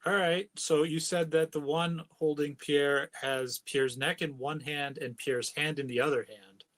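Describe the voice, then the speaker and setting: A man's voice: fairly high pitch, fairly even intonation, a little slow, fairly bright tone. A man playing a tabletop game, chatting in an easygoing way and asking about the rules. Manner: easygoing, asks rule questions. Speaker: player. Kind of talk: casual chat at a game table.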